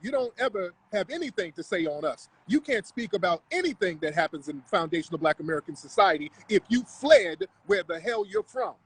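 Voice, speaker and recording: A man's voice: sits high, sing-song, a little fast, few pauses, fairly bright tone, breathy edge, low-quality recording. A man hosting a livestream, talking in a confrontational, mocking, profane rant. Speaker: livestream host. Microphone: live stream mic.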